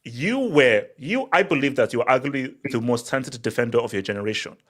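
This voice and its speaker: A man hosting a casual football chat show, animated and teasing, often repeating words as he cuts in. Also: mid-range voice, brisk.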